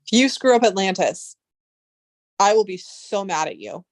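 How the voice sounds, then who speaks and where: Young woman streamer, chatty, excitable, swears often, dry close sound. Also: medium pitch, normal speed, no echo. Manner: rambling, excitable, swears freely. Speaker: livestream host. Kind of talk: casual livestream chat.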